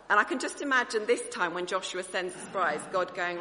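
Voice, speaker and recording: Bright-voiced woman preacher, reverberant. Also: medium pitch, expressive, fairly quick. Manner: conversational, earnest, thinking aloud. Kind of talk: sermon.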